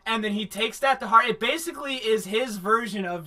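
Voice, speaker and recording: A man hosts an anime review livestream, his high-pitched voice moving a little fast as he recaps the plot in a profane, rambling, animated manner.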